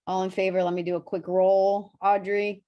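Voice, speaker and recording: A woman's voice: medium pitch, flat delivery, moderate pace, highs cut off. A woman chairing a committee meeting over a video call, talking hesitantly with many fillers and restarts. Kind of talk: online meeting talk.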